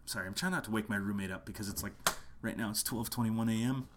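A man with a lowish voice and a bright, forceful edge talks through a marketing lesson. He is passionate and emphatic, driving each point home by saying it again. It is a casual talk, recorded at home in the late hours. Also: rapid-fire, hardly any pauses, a little hiss or hum. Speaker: musician teaching online marketing.

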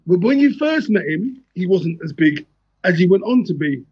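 A man's voice: sits high, very animated, moderate pace, slightly rough. A man hosting a casual group discussion on a video call, asking blunt, teasing questions with many restarts. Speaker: host. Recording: muffled lo-fi video call audio.

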